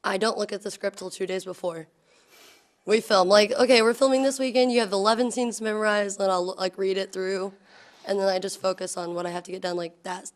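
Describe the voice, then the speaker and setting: A woman's voice: mid-range voice, steady tone, fairly quick. A woman, the lead actress, answering panel questions in a wry, self-mocking way. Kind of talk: casual panel interview.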